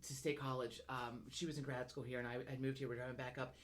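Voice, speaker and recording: A woman's voice: rumbling low, flat delivery, fast talker. A woman from central Pennsylvania co-hosting a casual podcast, telling stories with lots of swearing and giggling. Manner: profane, giggly storyteller. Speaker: podcast co-host. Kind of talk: casual chat.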